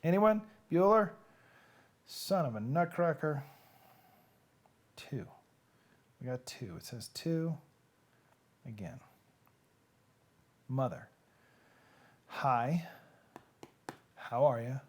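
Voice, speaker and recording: A man's voice: medium pitch, animated, very slow, long pauses, a little mellow. A man hosting a live-streamed reading show, chatting casually and joking straight to his viewers. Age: adult with nieces and nephews who have babies.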